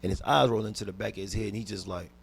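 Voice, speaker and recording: A man, a comedian guest on a podcast, telling a personal story intensely and dropping from hushed to loud, with frequent repeats and restarts. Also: on the low side, steady tone, very fast, creaky, husky. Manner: repeats words and restarts while recounting.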